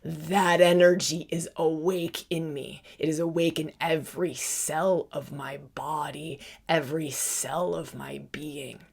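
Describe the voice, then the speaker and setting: A woman with a lowish voice and a gravelly fry teaches about spirituality at an unhurried pace. She often breaks into soft whispers and small giggles. She hunts for words as she goes. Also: fairly even intonation. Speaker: podcast host and retreat teacher.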